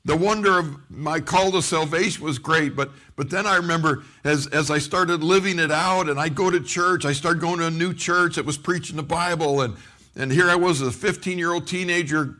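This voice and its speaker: A man's voice: on the high side, normal speed. A middle-aged man preaching a sermon as a pastor, telling stories with acted-out quotes and frequent repeated words and restarts. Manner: animated storytelling with acted-out quotes.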